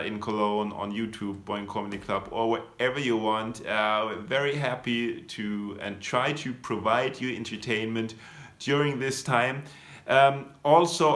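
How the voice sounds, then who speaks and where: A man's voice: medium pitch, sharp tone. A man hosting a comedy show, casually talking to viewers in a loose, rambling way and chuckling at his own slips.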